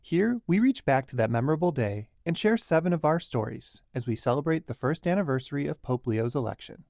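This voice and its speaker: A man hosting a podcast, reading scripted narration in a measured way. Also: fairly high pitch, expressive, vocal fry, a little mellow, dry recording, studio quality. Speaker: podcast host.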